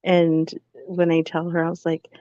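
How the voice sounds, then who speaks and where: A woman's voice: on the low side, monotone, warm tone, dry recording. A woman co-hosting a live podcast, chatty and retelling stories with lots of fillers. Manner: chatty storyteller, fast filler-heavy retelling. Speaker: podcast co-host. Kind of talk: casual live podcast chat. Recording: dull, dry lo-fi sound.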